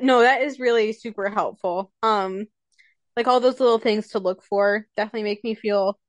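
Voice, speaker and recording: A woman student being coached, upbeat and casual with quick eager replies. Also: medium pitch, no room sound. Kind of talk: casual chat.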